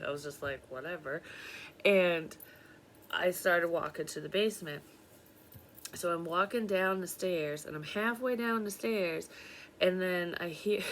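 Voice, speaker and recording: A woman, a psychic medium, casually retelling a dream in a blunt, profane, animated way. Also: lowish voice, slight background noise. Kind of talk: casual storytelling monologue.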